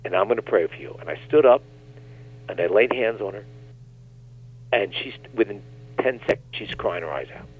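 A man, a guest minister, telling animated stories on a talk show and acting out the quotes. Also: lowish voice, normal speed, long pauses, husky. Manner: animated storyteller, acts out quotes. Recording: tinny phone line.

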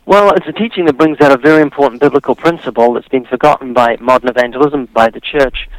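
A man's voice: medium pitch, quick pace, dry recording, poor audio. Dry-humored man with a New Zealand accent. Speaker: guest. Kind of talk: radio interview.

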